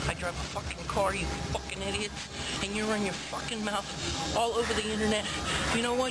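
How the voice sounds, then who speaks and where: A man in a gym ranting profanely into the camera, trash-talking and shouting between lifts. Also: sits high, rough recording. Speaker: gym streamer. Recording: loud music behind voice.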